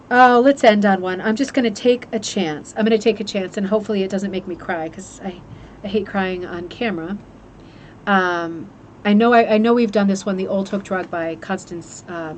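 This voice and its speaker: A woman's voice: medium pitch, normal speed, a little hiss or hum. A woman hosting a craft club livestream, chatting casually about a book and gushing with fillers and restarts. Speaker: host of a rug hooking club livestream. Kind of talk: casual chat, reviewing a book.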